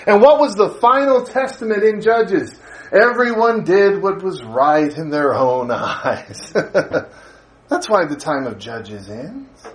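Animated, high-voiced male preacher. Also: takes it slowly. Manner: animated, rhetorical questions, laughs while telling stories. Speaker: pastor. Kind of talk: sermon.

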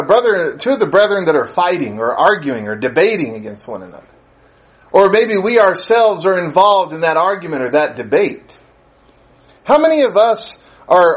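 A man preaching a sermon in a high voice that climbs and falls in wide sweeps. He keeps asking his listeners questions and laughs as he tells his stories. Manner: animated, rhetorical questions, laughs while telling stories. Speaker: pastor.

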